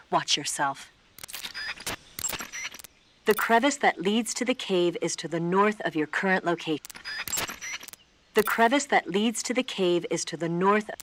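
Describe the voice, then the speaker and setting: An actress playing a cool, composed female spy who briefs a soldier over the radio in calm, measured video game dialogue. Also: on the low side, noisy background, close to an everyday voice.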